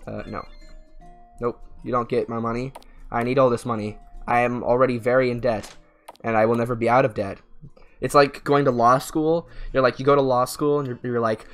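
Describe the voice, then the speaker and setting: A man's voice: medium pitch, fairly even intonation, brisk, fairly bright tone, soft background music. A man giving casual let's-play commentary, rambling with many fillers and restarts. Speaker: gaming YouTuber.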